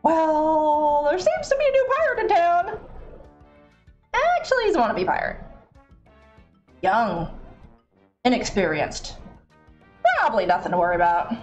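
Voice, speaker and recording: A woman's voice: sits high, muffled recording, pitched above the performer's own voice. Lady voicing a jittery ghost pirate henchman, sucks up to the boss, stammers, voice leaps way up. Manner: fawning, stammering. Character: nervous male ghost pirate underling. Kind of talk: reading game dialogue aloud.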